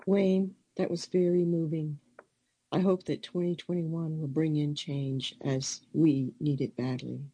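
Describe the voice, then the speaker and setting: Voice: mid-range voice, little pitch movement, unhurried, warm tone, breathy edge, dry recording. A show host introducing the next guests and then responding after a poem.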